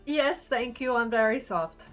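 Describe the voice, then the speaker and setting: A woman's voice: on the high side, lively intonation, unhurried, fairly bright tone, faint music behind. A woman player role-playing in a tabletop game, hesitant and polite, often restarting her sentences. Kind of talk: in-character tabletop role-play.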